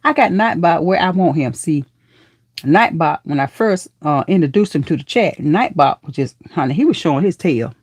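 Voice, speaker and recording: A woman hosting a casual live-stream chat, affectionate and lively, calling her viewers honey, baby and girl as her voice jumps up in excited greetings. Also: low-pitched, moderate pace, husky, no room sound, clean studio sound.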